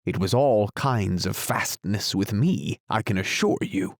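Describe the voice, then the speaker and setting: A man narrating a storybook gives voice to a solemn, muddled knight forever puzzling over strange inventions. He speaks at a measured pace in a low, gravelly voice, grave and thoughtful, captured close and dry with no echo.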